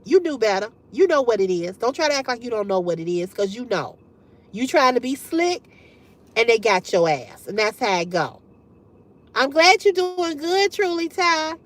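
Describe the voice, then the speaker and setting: A middle-aged woman hosting a livestream, telling a story to her chat in a candid, profane, animated way and laughing often. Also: on the high side, moderate pace. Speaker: livestream host. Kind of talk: casual storytelling to live chat.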